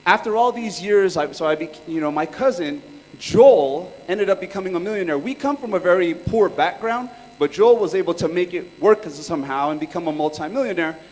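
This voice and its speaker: A man's voice: sits high, brisk, a little mellow. A man in his thirties from California, giving a casual, chatty workshop talk full of slang and stories. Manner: laid-back, chatty storytelling with slang. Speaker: workshop speaker. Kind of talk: casual live presentation. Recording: reverberant hall.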